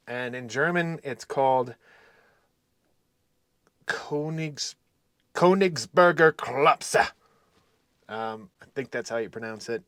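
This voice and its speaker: A man's voice: medium pitch, dry recording. A man talking casually to himself and his viewers as he cooks on a solo camping vlog, easygoing and chatty. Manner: easygoing, self-talking while cooking. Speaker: vlogger.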